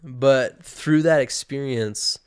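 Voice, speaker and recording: Animated man telling a story. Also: mid-range voice, slow, clear, resonant tone. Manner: animated, acts out his own panicked inner voice. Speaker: guest sharing his testimony. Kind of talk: casual storytelling.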